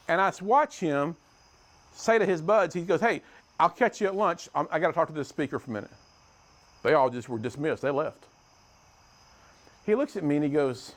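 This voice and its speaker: Telling stories to a youth group, a middle-aged man from the US delivers a motivational talk in a mid-range voice. As a youth speaker, he shifts back and forth between loud and hushed.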